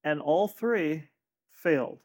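A man's voice: on the high side, takes it slowly, no room sound, studio quality. A man hosting an interview, asking short questions and nodding along with brief agreements. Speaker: podcast host.

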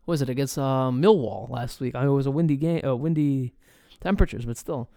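This soccer podcast host rants alone as a fan, swearing heavily and littering his speech with fillers and restarts. His mid-range voice moves fast with some vocal fry, recorded at studio quality without echo.

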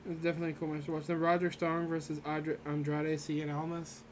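A man's voice: on the high side, monotone, fast talker, a little hiss or hum. A young man hosting a casual podcast, recapping matches in a rambling way full of fillers. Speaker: podcast host recapping wrestling. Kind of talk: casual chat.

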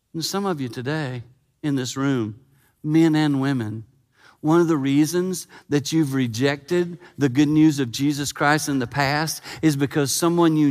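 A man preaching a sermon in a church, animated and emphatic, slowing down for his earnest points. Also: fairly high pitch. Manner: animated, building to loud emphasis, then slow and earnest. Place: church sanctuary. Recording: long reverb in church hall.

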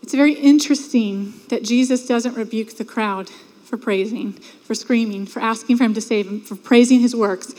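High-voiced woman preaching in a reverberant hall. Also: normal speed, darkish tone. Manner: earnest, conversational preaching with acted-out crowd quotes. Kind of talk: sermon. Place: church sanctuary.

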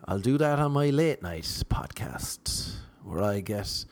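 A man's voice: lowish voice, expressive, slow, a little mellow. An Irish man rambling through a comic monologue, self-mocking and full of rhetorical questions. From Ireland. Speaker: vlogger.

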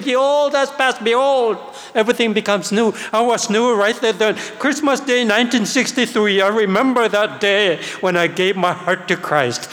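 Older man preaching in a reverberant hall. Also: high-pitched. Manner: animated storytelling, acting out his own past voice. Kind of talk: sermon testimony.

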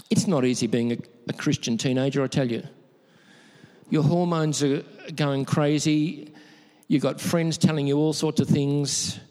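An Australian man preaching in a church hall, his voice sitting fairly high for a man. He tells personal stories earnestly and doubles words for emphasis. A long reverb trails every phrase. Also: steady tone, measured pace, long pauses, darkish tone. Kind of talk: conversational sermon with personal stories.

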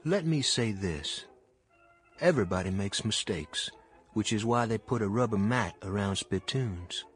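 A man voicing a simple, plain-spoken Southern man telling his life story, in a put-on Southern accent with a slow folksy drawl, as audiobook narration. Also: on the low side, animated, husky, faint music behind, full character voice. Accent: fake Southern US.

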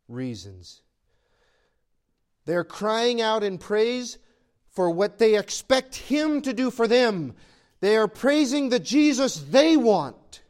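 A male pastor delivers a sermon in a high-pitched voice. He moves between ringing, raised declarations and soft, intimate asides, laughing between points. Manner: animated, swings from loud proclaiming to quiet asides, laughs between points.

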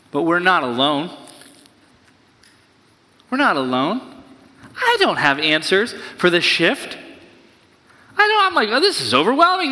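Excitable pastor preaching in a reverberant hall. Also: male voice, high-pitched. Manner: energetic, playful, shifts into excited voices. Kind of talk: sermon.

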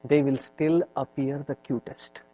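A man voicing a witty, calm royal adviser in a story, speaking in a wry, steady way. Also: mid-range voice, a little slow, muffled recording, close to an everyday voice.

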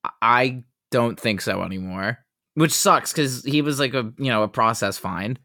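A man co-hosting a casual sports podcast, hesitant, full of fillers, often trailing off softly at the ends of phrases. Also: mid-range voice, expressive, normal speed, dry recording, clean studio sound. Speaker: podcast co-host.

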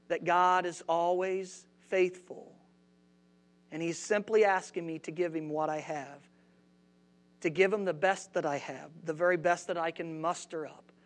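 A man preaching a sermon in a church, conversational, often asking the congregation questions. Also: fairly high pitch. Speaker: pastor.

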